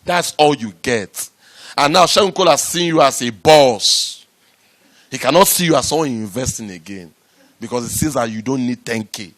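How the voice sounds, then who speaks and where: A man giving a lively motivational talk to a live audience about raising startup money, repeating himself and rising to loud, emphatic bursts. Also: medium pitch, moderate pace. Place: event room with an audience.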